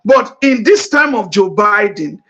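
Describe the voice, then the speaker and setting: A middle-aged man with a Nigerian accent hosting a talk show, explaining politics and repeating points slowly. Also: high-pitched, sing-song, bright, forceful tone. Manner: many uh fillers, emphatic. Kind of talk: political commentary monologue.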